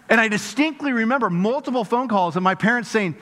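A middle-aged male pastor preaching a sermon, swinging from lively emphasis to hushed intensity. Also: sits high, fast talker, few pauses. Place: large church hall. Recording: reverberant church hall.

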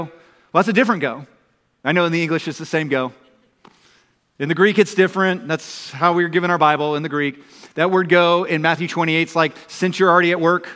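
A middle-aged man preaching a sermon as pastor, emphatic and repetitive, building to loud urgent exhortation. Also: on the high side. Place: church sanctuary. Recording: long hall reverb.

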